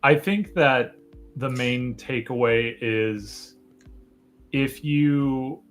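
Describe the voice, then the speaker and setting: A man's voice: medium pitch, very slow. Guest guy on a live chat, thoughtful and long-winded, middle voice, faint music under it. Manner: thoughtful, long winding points.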